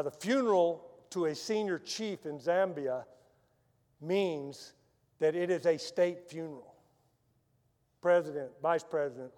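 A man preaching a sermon as a missionary, telling stories dramatically and swinging from loud emphatic lines to hushed soft ones. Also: on the high side. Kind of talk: sermon with personal storytelling. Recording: long reverb of a large hall.

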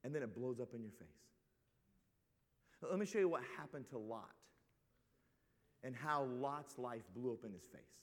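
A man preaching a sermon, telling a comic story in an animated, rambling way, with lots of "like.". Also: mid-range voice, moderate pace, pauses often, long reverb tail.

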